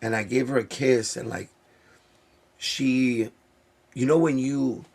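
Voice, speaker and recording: A man's voice: mid-range voice, fairly even intonation, takes it slowly, gravelly, a little mellow. A man, a sneaker vlogger talking to camera in an emotional, heartfelt way that circles back and repeats itself. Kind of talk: casual talk to camera.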